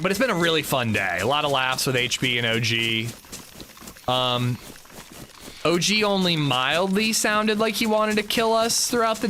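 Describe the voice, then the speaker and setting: A man's voice: sits high, pushed and bright, slight background noise. A young man streaming a video game, chatting casually and profanely with his viewers while he plays. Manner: chatty, loose and profane, reads and answers chat. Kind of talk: casual livestream chat while gaming.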